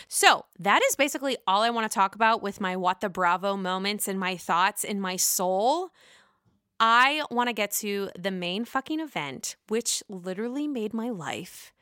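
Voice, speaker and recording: Excitable Pittsburgh woman gossiping, bright voice. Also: medium pitch, moderate pace, clear, resonant tone, no room sound, studio quality. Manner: excitable, profane and gushing. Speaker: host. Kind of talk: casual reality-TV gossip commentary.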